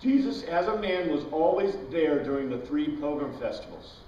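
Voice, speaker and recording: A man's voice: a little high, big pitch swings, moderate pace, a little mellow, slight background noise. A man teaching an informal Bible class, chatty, quizzing his students and wandering into tangents. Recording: dull, echoey room recording from far off.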